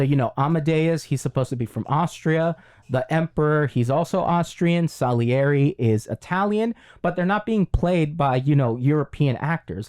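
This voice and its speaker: A man co-hosts a casual film review podcast, talking in long, rambling runs full of fillers and restarts. His voice is fairly high-pitched with a darkish tone.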